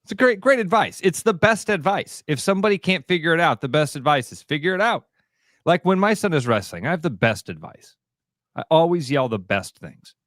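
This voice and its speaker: A man's voice: fairly high pitch, brisk, no room sound. Middle-aged guy cohosting sports radio, bouncy up-and-down voice, laughs a lot, dry studio mic. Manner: animated storyteller who laughs easily. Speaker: radio show co-host. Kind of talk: casual sports talk radio banter.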